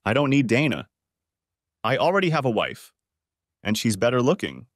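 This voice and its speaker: Male reader as a blustering, crude adulterer; lively pitch, dry booth. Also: moderate pace, dry recording, close to an everyday voice. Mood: dismissive. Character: caught adulterous man, defensive and crude.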